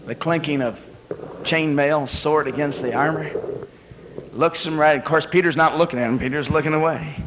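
A male preacher delivers a sermon with a slightly high voice. He tells the story dramatically, dropping to hushed, slow phrases and then surging upward at the climaxes. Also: steady tone, noisy background.

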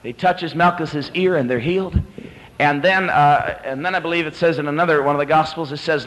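A man's voice: a little high, moderate pace, a bit bright, low-quality recording. Man preaching a dramatic sermon. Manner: dramatic storytelling, rising to emphatic peaks.

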